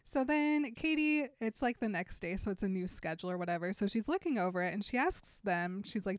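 A woman co-hosting a casual chat, calmly retelling a movie scene by scene and quoting the characters in a dry way. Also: medium pitch, fairly quick, hardly any pauses, no room sound. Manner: relaxed storyteller, quotes characters dryly.

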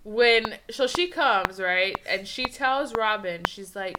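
A woman's voice: medium pitch, noisy background. A woman co-hosting a casual podcast, chiming in with agreement and laughing at movie scenes. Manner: laughing, quick agreeing interjections. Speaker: podcast co-host.

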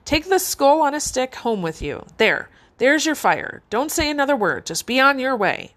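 A woman's voice: high-pitched, big pitch swings, normal speed, fairly bright tone, pitched above the performer's own voice. Woman putting on Baba Yaga, a sneering old witch. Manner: sneering, barking, screeching.

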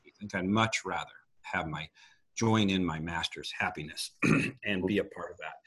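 A middle-aged man telling personal faith stories earnestly, with soft laughs, as a Christian speaker. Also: on the low side, normal speed, breathy edge. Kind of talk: conversational testimony.

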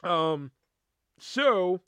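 A man's voice: high voice, sing-song, extremely slow, fairly bright tone, smooth, dry recording, clean studio sound. A man hosting a podcast, telling a rambling, profane story about an old job and acting out the people in it. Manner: rambling, profane, acts out quotes. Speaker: podcast host. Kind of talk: casual storytelling.

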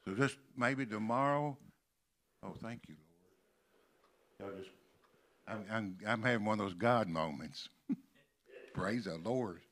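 An older man from Kentucky preaching a sermon in a church, slowly stressing and repeating key words. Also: on the low side, a bit bright. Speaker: pastor. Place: church sanctuary.

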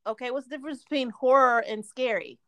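High-voiced woman in playful chat. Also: quick pace, a bit bright, dry recording. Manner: laughs often, playful teasing. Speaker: podcast co-host. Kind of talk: casual chat.

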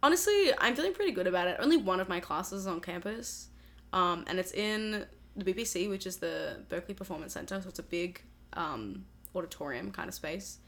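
A woman's voice: on the low side, expressive, brisk, vocal fry. A young woman from Australia with an Australian accent, a guest chatting casually with lots of fillers and laughs. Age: young adult. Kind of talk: casual chat.

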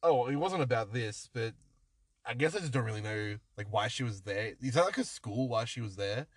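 A man joking around in a loose film chat, his husky voice swinging widely in pitch as he teases his friend. The sound is close and dry, with little room reflection. He is talking from a parked car outside a bar. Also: lively intonation, fairly quick, no room sound. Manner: joking banter, laughs often. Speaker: podcast co-host.

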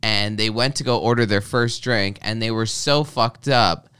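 A young man, telling a crude story in an animated, profane, joking way. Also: lowish voice, moderate pace, clean tone. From Canada. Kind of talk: casual crude storytelling chat.

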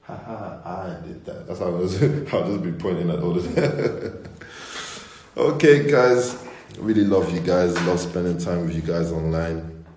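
Young male pastor, deep voice, lively storyteller doing impressions, casual livestream, roomy echo. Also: unhurried. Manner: animated storytelling with mimicked voices. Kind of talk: casual online livestream chat. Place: indoors at home.

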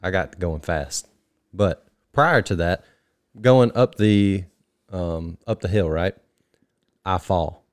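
A man's voice: low-pitched, slow pace, long pauses. A man co-hosting a podcast, telling a story in an easygoing casual chat with a neutral way of talking. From upstate New York. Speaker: podcast co-host.

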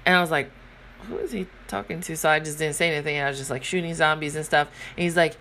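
A woman's voice: deep voice, fairly quick. A woman in her late thirties hosting her own podcast, telling a story in a casual rant with lots of swearing and acted-out voices. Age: 30s. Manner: animated storytelling, acting out voices, swearing freely. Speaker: podcast host.

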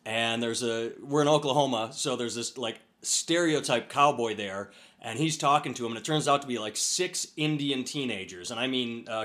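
Male podcast co-host, mid-range voice, loose rambling storyteller. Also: medium pitch. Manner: rambling, animated storyteller with profanity and restarts. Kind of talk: casual storytelling chat. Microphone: over a phone-computer call.

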